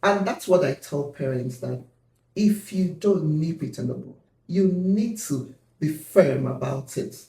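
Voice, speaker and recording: A man's voice: fairly high pitch, animated, unhurried, gravelly, warm tone. A man from Nigeria talking earnestly and firmly as host of a casual panel chat. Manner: earnest, firm, emphatic. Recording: echoey room.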